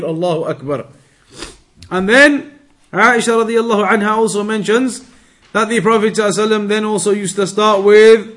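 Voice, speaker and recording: A man explaining a hadith text as a teacher, methodical and repetitive, reading Arabic passages quickly. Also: high voice. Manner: methodical, repeats key points, reads Arabic passages quickly. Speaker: Islamic teacher.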